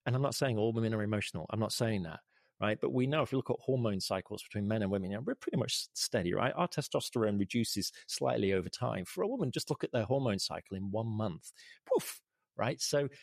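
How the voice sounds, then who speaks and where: A man's voice: fairly low pitch, animated, fast talker, creaky, dry recording, studio quality. A man talking earnestly in an interview, asking rhetorical questions as he argues a point. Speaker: guest, leadership advocate. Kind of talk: conversational interview.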